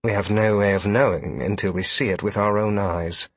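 A man's voice: lowish voice, steady tone, moderate pace, slightly rough, no echo. A man voicing a haughty, scheming male noble envoy who gives orders in a clipped, imperious, seething tone. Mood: commanding.

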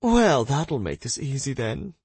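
A man's voice: mid-range voice, wildly swooping pitch, unhurried, a little mellow, slightly rough, no room sound, voice pushed up, full character voice. A man voicing a vain, gossipy woman who runs a house, talking proudly and smugly. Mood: eager. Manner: proud, smug, chatty.

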